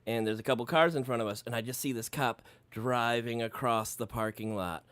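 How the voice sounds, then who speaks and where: A man spins a profane, lively story in casual conversation, playing out every voice he quotes. His voice sits in the middle range. The room sounds dry and close. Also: medium pitch, a little fast, clean tone, dry recording.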